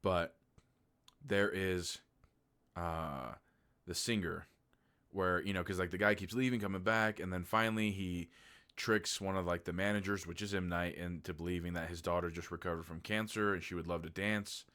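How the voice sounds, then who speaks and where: A man's voice: low-pitched, fairly even intonation, normal speed, fairly bright tone, smooth. A man giving a casual, rambling movie review, candid and loose, with lots of filler words and the odd swear.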